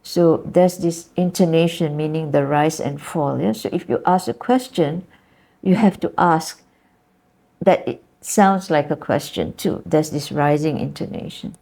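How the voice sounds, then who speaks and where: A woman's voice: deep voice, a little slow, creaky, mellow. A middle-aged woman lecturer with a Malaysian English accent, teaching pronunciation conversationally and often checking in with "you know" and "yeah?". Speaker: university lecturer.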